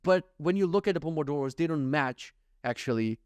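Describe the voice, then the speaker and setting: Animated, foul-mouthed man telling stories. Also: a little high, a little fast, smooth, dry recording. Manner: animated storytelling with heavy swearing; acts out quoted dialogue in his own voice. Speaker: vlogger. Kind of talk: casual podcast monologue.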